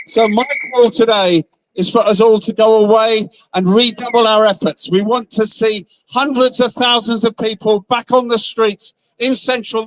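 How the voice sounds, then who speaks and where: Man speaking at a street rally, fairly high voice, rousing and repetitive delivery. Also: fairly bright tone, rough recording. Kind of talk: impassioned rally speech. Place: outdoor street protest.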